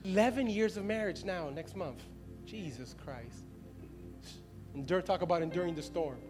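A man's voice: sits high, moderate pace. A man in his thirties preaching a sermon as a pastor, conversational and laughing often as he speaks to the congregation. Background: music.

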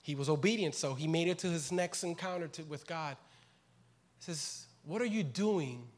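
Impassioned high-voiced male preacher. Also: fairly even intonation, moderate pace. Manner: impassioned, swings from quiet to loud. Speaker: pastor. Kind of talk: sermon.

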